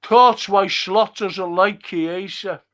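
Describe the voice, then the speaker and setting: Middle-aged guy on a football stream, talks real slow, swears a lot, blunt. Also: high-pitched, fairly even intonation, fairly bright tone. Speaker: football podcast host. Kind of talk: casual livestream chat reading viewer comments.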